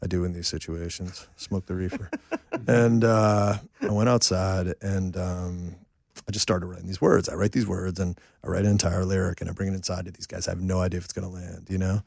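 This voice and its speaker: Man, fairly low voice, casual storyteller, rambling with lots of asides, guest in a home chat. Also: brisk, gravelly, no room sound, studio quality. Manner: rambling, lively, with many fillers and asides. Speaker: songwriter and producer guest. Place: a home, indoors.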